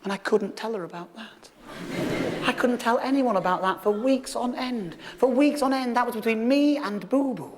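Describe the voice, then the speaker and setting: A British man performing live stand-up, telling a story in an excitable way, swearing and shouting his punchlines on a theatre stage. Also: very high voice, normal speed, noisy background. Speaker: stand-up comedian. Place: theatre stage with audience laughter.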